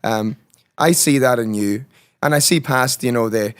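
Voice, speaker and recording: Man, musician guest, mid-pitched voice, earnest, preacher-like, dry close sound. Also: moderate pace, clean tone, no echo. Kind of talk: casual conversational interview.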